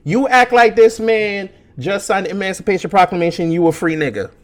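A man co-hosting a podcast, ranting loudly in heated, profane, mocking commentary. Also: sits high, fairly quick. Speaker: podcast co-host.

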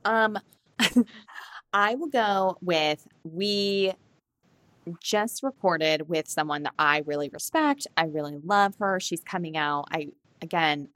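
A woman's voice: fairly low pitch, slow, fairly bright tone, no room sound. A woman in her thirties co-hosting a podcast, chatting casually in a bubbly, giggly, rambling way. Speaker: podcast co-host. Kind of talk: casual chat.

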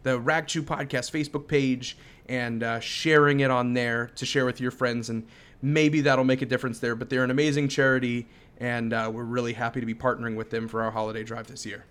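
Man, 30s, podcast co-host, casual chat, upbeat, easily amused, mid pitch. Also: little pitch movement, fairly quick, fairly bright tone.

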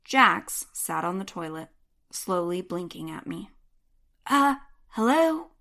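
A woman reading a first-person novel aloud in an even, measured way. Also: on the low side, vocal fry. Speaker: audiobook narrator. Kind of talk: first-person audiobook narration.

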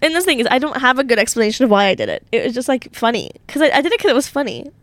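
Giggly young woman podcaster, high voice. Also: sing-song, racing, a bit bright, dry recording. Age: young adult. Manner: rambling, giggly, filler-heavy. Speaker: podcast host. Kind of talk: solo podcast storytelling. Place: college dorm room.

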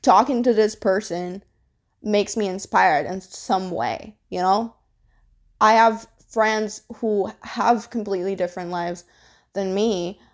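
A woman's voice: mid-range voice, slow pace. Frank, swearing young woman vlogger. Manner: frank and blunt, swears freely, many fillers like "like" and "you know". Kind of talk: casual advice talk to camera.

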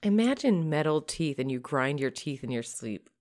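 A woman with a somewhat low voice teases her co-host and reads quirky news items out loud. Her talk is loose, blunt and playful. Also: big pitch swings, moderate pace. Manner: teasing, crude, reads news stories aloud. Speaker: podcast co-host. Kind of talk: casual chat.

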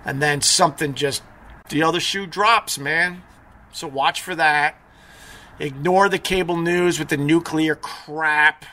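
Brief: middle-aged male streamer, allergy-stuffy, blunt rambling rant, slightly high, bright tone. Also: fairly even intonation, unhurried. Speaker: live stream host. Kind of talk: casual live stream rant.

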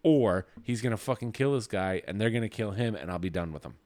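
A man's voice: on the low side, expressive, quick pace, a little mellow. A man co-hosting a casual podcast chat, blunt and full of swearing, retelling scenes by quoting characters. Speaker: podcast co-host.

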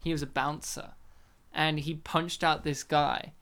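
A man's voice: on the high side, level tone, a little slow, a bit bright. A man co-hosting a casual podcast, chatting while watching a film and telling stories with lots of "like" fillers. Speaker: podcast co-host.

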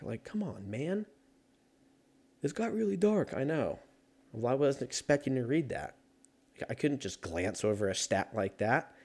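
A man's voice: mid-range voice, very animated, moderate pace, a little mellow. A man talking casually on his own, rambling and joking with plenty of swearing. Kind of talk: casual solo chat.

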